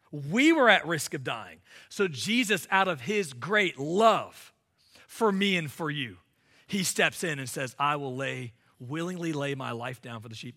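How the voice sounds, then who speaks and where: Male pastor, high bright voice, lively conversational sermon delivery. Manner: animated, conversational preaching with rhetorical questions.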